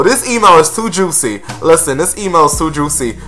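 A man's voice: on the high side, lively intonation, brisk, sharp tone, faint music behind. A man hosting a casual gossip vlog, sassy and blunt, calling his viewers honey and girl.

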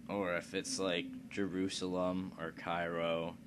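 A man with a very low voice talks slowly through a strategy game, tossing off crude, profane jokes as he plays. A steady hiss of background noise runs under his voice. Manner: crude, profane, joking asides. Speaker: let's play commentator. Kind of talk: casual gameplay commentary.

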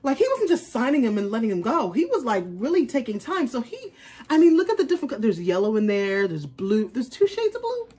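A woman's voice: fairly high pitch, very animated, a little fast, mellow, breathy edge. A woman chatting casually in an unboxing vlog, rambling on as a fashion vlogger.

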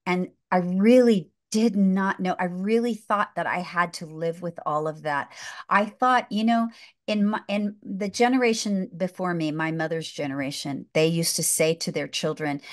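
A woman's voice: fairly low pitch, moderate pace. A woman author speaking as a guest in a faith-based podcast interview, with an impassioned, preacher-like delivery, often repeating and restarting phrases as she builds her point. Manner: emotional, near tears at moments.

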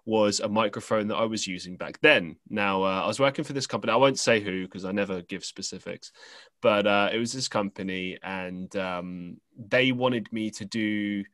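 This English podcast host has a somewhat low, slightly bright voice and talks at a normal speed. His casual storytelling is rambling and full of fillers and restarts, captured dry on a podcast mic.

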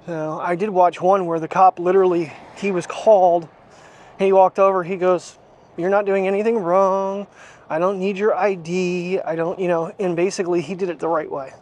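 A man's voice: high-pitched, darkish tone. A man chatting casually for his daily vlog as he walks his dog, rambling and self-deprecating with frequent chuckles. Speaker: vlogger. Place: outdoors walking a dog, then in a car. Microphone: small wireless clip mic.

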